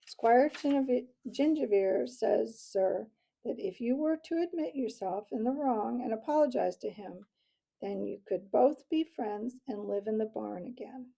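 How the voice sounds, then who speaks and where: A woman voicing an eager young mouse warrior, raised and high. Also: unhurried, creaky, mellow, slightly rough, exaggerated voice. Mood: breathless. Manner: earnest, eager, breathless.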